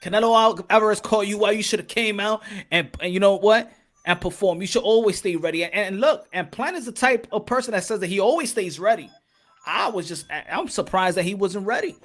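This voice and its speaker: A man hosts a live boxing talk show. He makes his points with emphasis and keeps stumbling into quick restarts before he lands them. His voice is high and bright. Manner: emphatic, stammering restarts, teasing. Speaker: boxing podcast host. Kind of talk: live casual commentary chat.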